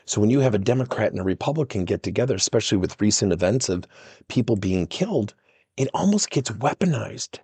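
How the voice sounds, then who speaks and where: A middle-aged American man, a workplace coach who hosts a podcast, tells stories with plenty of energy and acts out the dialogue. His voice is husky and a bit low, he talks slightly fast, and the recording has no room sound.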